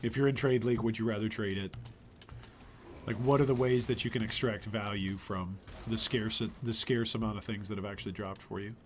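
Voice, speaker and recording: With a lowish, steady voice and a fairly quick pace, a gaming streamer talks casually through his live play, thinking out loud and trailing away. He's losing his voice, which sounds strained, and faint background noise comes through.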